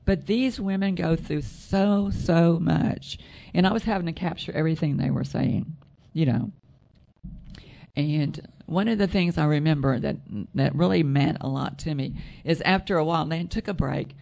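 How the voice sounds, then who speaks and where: Soft-voiced woman with a gravelly edge. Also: deep voice, normal speed. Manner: rambling, self-correcting storyteller with frequent laughs. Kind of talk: storytelling in casual chat.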